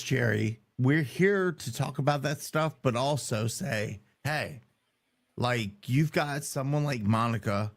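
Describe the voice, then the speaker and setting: Hoarse guy on a sports show, gravelly, pitch jumps all over, teasing. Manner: teasing, casual. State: hoarse from yelling. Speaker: podcast co-host. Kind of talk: casual sports talk.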